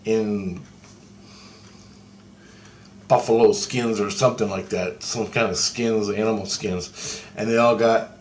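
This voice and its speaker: A man's voice: lowish voice, fairly even intonation, takes it slowly, long pauses, a little hiss or hum. A man telling a rambling first-person account of a vision, profane and awestruck. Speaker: storyteller recounting a vision.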